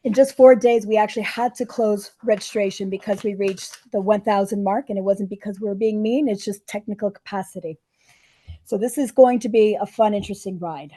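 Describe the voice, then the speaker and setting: A middle-aged woman hosts a webinar through a hoarse, scratchy voice that she has nearly lost. Her tone is deeply dark and mellow, and she stays welcoming and businesslike while she guides the session. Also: brisk. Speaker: webinar host, diplomat. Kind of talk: hosting an online webinar. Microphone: microphone.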